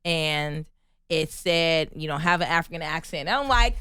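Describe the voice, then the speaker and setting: A woman from the United States, a guest on a podcast interview, telling her story in an animated, emphatic way and laughing often. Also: low-pitched, moderate pace, smooth. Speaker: guest, actress and stunt performer.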